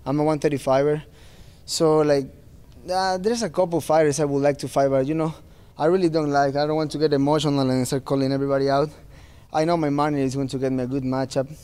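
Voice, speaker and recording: A man's voice: fairly high pitch, steady tone, quick pace, warm tone, clean tone. A man speaking as a fighter at a post-fight press interview, earnest and plain-spoken, with non-native phrasing.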